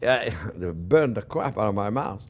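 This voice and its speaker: A man's voice: on the low side, animated, moderate pace, a little hiss or hum. A man with a French accent, a chef giving a chatty cooking demonstration in a kitchen, repeating himself and talking to viewers as friends.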